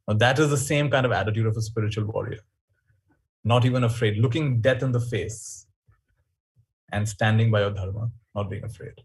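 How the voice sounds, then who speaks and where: Husky male speaker leading a webinar, storytelling, animated and reflective. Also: fairly low pitch. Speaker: workshop speaker. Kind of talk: webinar talk.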